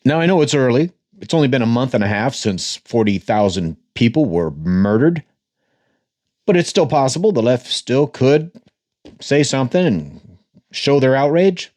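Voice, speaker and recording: A man hosts a political commentary monologue, sarcastic and emphatic. His voice is dark and mellow but swings widely in pitch. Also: lively intonation, moderate pace. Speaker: host.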